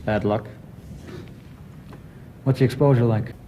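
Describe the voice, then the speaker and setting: A man's voice: mid-range voice, fairly even intonation, slow pace, warm tone, a little hiss or hum, lightly acted. A man playing a sly, wisecracking crook. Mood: businesslike. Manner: dry, needling, wisecracking. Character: wisecracking male career criminal, needling and sly. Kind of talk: film drama acting.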